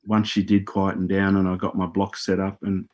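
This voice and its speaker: A man's voice: sits low, monotone, moderate pace, a little mellow, faint music behind. A middle-aged Australian man, a radio guest, telling rambling stories with repeated words and casual swearing. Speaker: guest, former Olympic hurdler. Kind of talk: casual storytelling on a radio show.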